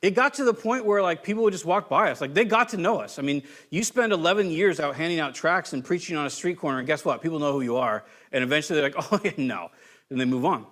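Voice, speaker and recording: A man's voice: on the high side, fast talker. A man from California preaching a sermon as pastor, telling stories in a loose, conversational way and acting out quotes. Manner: conversational, animated storytelling with voiced quotes.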